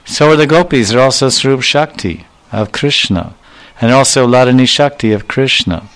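A man's voice: mid-range voice, normal speed, fairly bright tone. Man giving a devotional lecture. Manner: storytelling, acting out dialogue with quoted Sanskrit-Bengali terms. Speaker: spiritual teacher.

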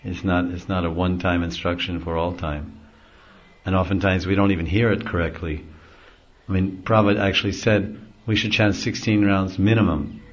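Man, deep voice, spiritual teacher, devotional talk, relaxed with frequent chuckles, dull lo-fi sound. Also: normal speed. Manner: easygoing, chuckles often while explaining. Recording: dull lo-fi recording.

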